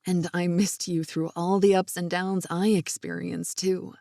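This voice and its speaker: Lady doing a soft low-voiced guy in love, gravelly, playful and tender, audiobook. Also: level tone, measured pace, no echo, clean studio sound. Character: smitten man in his thirties, tender, playful.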